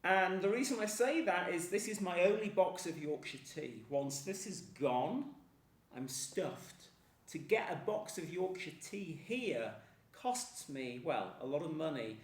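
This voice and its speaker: A man's voice: on the high side, lively intonation, unhurried, roomy sound, recorded from a distance. A man from England with a Northern English accent, chatting enthusiastically to camera in a casual food vlog. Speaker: food vlogger.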